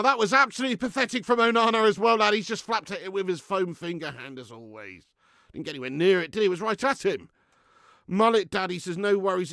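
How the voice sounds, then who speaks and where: Bright, gravelly fan host. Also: male voice, fairly high pitch, no room sound, studio quality. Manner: swearing, ranting fan commentary; deflated, muttering between outbursts. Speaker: fan watch-along host. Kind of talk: live football watch-along commentary.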